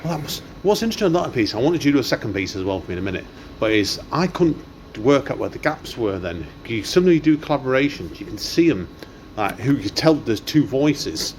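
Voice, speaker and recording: Quick, lively male podcast host. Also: mid-range voice, a little hiss or hum. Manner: enthusiastic, quick, rambling praise. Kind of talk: casual chat.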